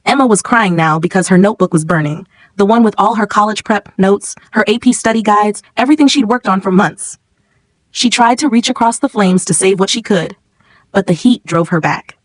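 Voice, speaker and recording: A woman narrates a scripted first-person story at a steady, tense pace. Her voice sits in the middle range, and the recording is dry and close with no room sound. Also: medium pitch, a little fast, dry recording, poor audio.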